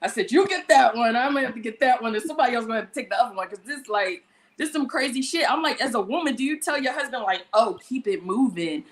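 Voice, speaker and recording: A woman telling a story on a podcast in a casual, animated, profane way. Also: a little high, quick pace. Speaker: podcast guest.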